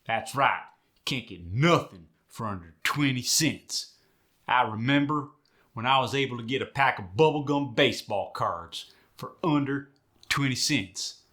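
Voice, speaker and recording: A man's voice: mid-range voice, expressive, unhurried, pushed and bright. A man playing a folksy Midwest farmer guest in a comic accent lesson, speaking with a Midwest Farm Belt accent and drawing out his demonstrations. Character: folksy grown male Midwest farmer type.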